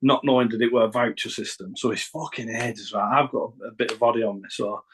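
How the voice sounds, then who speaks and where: Man, Northern English accent, husky voice, middle-aged, casual, sweary, rambling anecdote. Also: medium pitch, steady tone, fast, fairly bright tone, low-quality recording. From Northern England. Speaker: podcast guest, rapper.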